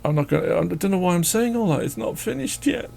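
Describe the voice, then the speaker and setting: A man's voice: sits high, animated, fast talker, creaky, a little mellow, soft background music. A man chatting casually as he draws, rambling and joking and talking to his dog. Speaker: drawing channel host. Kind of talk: casual chat while drawing.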